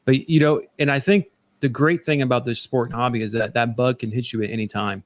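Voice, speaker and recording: A man's voice: mid-range voice, steady tone, a little fast. A man speaking in a reflective, loose way as a co-host in a casual podcast talk.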